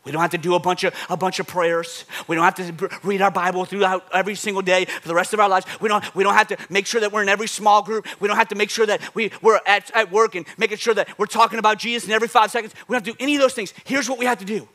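A preacher man delivers an animated sermon. His voice sits high and bright, and he keeps calling out to the congregation and acting out little asides along the way. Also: rapid-fire, few pauses. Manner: animated preaching with acted asides and call-outs. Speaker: pastor.

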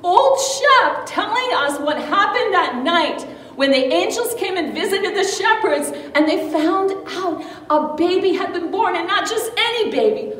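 A woman with a high voice teaches a children's Bible lesson, emphatic and unhurried. Her voice echoes through a large hall, heard from a distance with faint background noise. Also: a bit bright.

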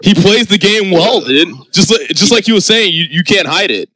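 Excitable high-voiced man egging others on. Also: moderate pace, dry recording, poor audio. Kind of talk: casual chat.

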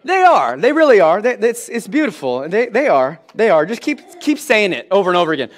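A man in his thirties preaching a sermon in church, animated and comic as he acts out scenes with his kids. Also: high voice, normal speed. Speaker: pastor.

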